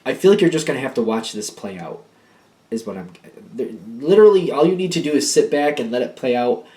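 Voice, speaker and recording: A man's voice: mid-range voice, expressive, a little fast, dark tone. Rambling man giving a tarot reading. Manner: rambling, repetitive and emphatic. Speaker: tarot card reader. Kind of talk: casual spoken tarot reading.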